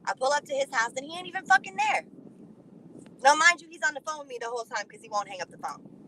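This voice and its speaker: A woman telling a personal story in a blunt, animated way, swearing freely. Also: sits high, fast, slight background noise, poor audio. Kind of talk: casual profane storytelling.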